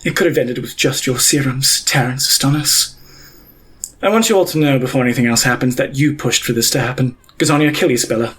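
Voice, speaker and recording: A man's voice: medium pitch, fairly quick, a bit bright, slightly rough. A man voicing a vengeful female pontiff who is a cold mother of monsters, speaking in menacing, clipped threats.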